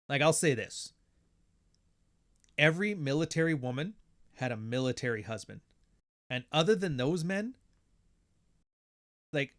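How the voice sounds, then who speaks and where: A man hosting a podcast, talking in a blunt, profane, sardonic rant and slipping into quick impressions of other people as he tells stories. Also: mid-range voice. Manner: animated, mimics others mid-story. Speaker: podcast host. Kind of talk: casual ranting monologue.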